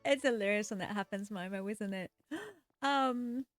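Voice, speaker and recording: A woman game streamer chatting casually and excitedly with her live viewers while she plays, giggling often. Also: medium pitch, moderate pace, soft background music.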